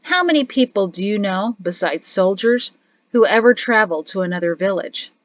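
A woman's voice: medium pitch, expressive, normal speed, no room sound, lightly acted. Weary rueful father, read by a woman. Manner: sad, grumbling tone. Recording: dry, slightly dull studio audio.

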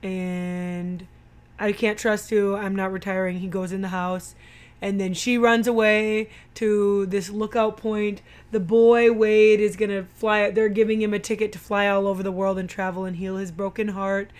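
A woman's voice: mid-range voice, little pitch movement, a little slow, a little mellow. A woman chatting casually about a movie she watched, retelling scenes and quoting the characters' lines. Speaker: movie commentator. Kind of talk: casual movie recap chat.

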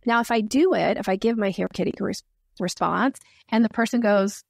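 A woman's voice: mid-range voice, brisk, gravelly, darkish tone, no room sound, clean studio sound. A woman sales expert, a podcast guest, explaining her method with acted-out example dialogues. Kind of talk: podcast interview.

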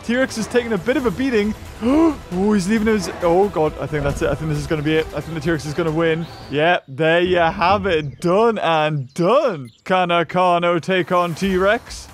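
Brief: animated gamer, high voice, faint game music behind. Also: male voice. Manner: shrieks and laughs at the action, fast chatter. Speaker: gaming YouTuber. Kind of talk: excitable gameplay commentary.

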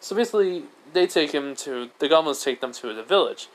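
A man narrates a fan-made what-if story, rambling casually with many fillers and restarts. His voice is a little high, with lively intonation and a fairly quick pace, on a low-quality recording.

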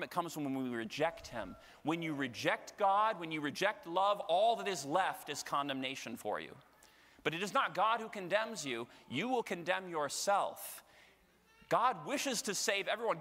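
A high, bright-voiced male priest preaching with rising passion. His voice rings out with long reverb through a big church, and his intensity climbs until he is nearly shouting. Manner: impassioned, builds to shouting. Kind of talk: sermon. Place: large church.

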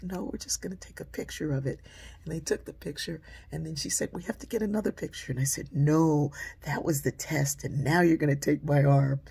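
A woman telling a personal story in a conversational way, dropping into a hush when she quotes people. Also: low voice, creaky, slightly rough.

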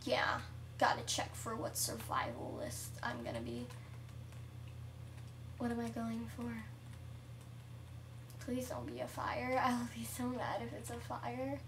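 A young girl giving casual, chatty commentary over her own gameplay at home, excitable and shrieking at surprises. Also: fairly high pitch, measured pace, creaky, pauses often, distant mic, noisy background. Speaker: gameplay vlogger.

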